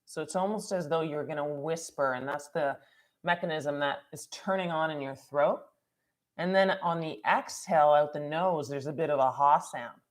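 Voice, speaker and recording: Woman yoga instructor, calm guided cues, lower voice. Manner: calm, unhurried breath cues. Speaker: yoga teacher.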